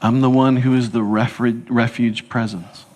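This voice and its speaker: A man plays a calm, steady divine rescuer in a church skit, his voice mid-pitched and even. He speaks from offstage, reassuring and unhurried, offering help without fuss. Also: lightly acted.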